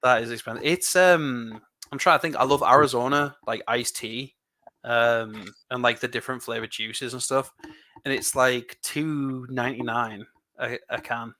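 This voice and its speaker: A man's voice: mid-range voice, fairly even intonation, bright, forceful tone. A man from England with an English accent, chatting and rambling casually while building LEGO on a livestream. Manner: chatty, rambling, quick laughs. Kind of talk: casual chat.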